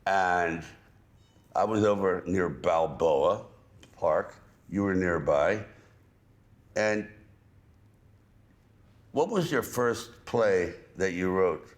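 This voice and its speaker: An older man with a very deep, low voice leads a conversational interview. He drawls slowly, musing as he talks and taking his time with each thought. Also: animated. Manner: drawling, unhurried, reflective. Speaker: host.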